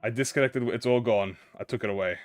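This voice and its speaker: A man's voice: on the low side, fast, no room sound, clean studio sound. A young man streaming a video game, chatting casually with his viewers in a rambling, self-mocking way. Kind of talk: casual gameplay commentary to chat. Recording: game music behind voice. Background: game music.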